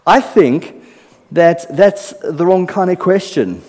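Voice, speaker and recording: A South African man preaches from a church stage, his voice sitting a touch higher than most men's. His talk is chatty and playful, often checking that the congregation is following. A long hall reverb trails every line. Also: sing-song, moderate pace, darkish tone. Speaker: pastor. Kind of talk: sermon. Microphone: stage PA microphone.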